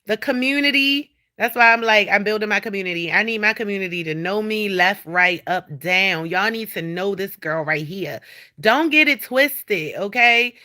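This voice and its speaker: A woman talks to her livestream viewers from home in a bright, forceful voice. She is animated and blunt, swears freely and speaks right to the people watching. It is recorded on a phone. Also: mid-range voice, normal speed. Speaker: livestream host. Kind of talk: casual livestream chat. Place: at home indoors.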